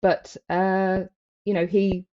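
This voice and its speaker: A woman's voice: medium pitch, flat delivery, slow. Thoughtful woman on dull lo-fi audio. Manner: thoughtful, hesitant with fillers. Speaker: podcast co-host. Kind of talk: casual discussion.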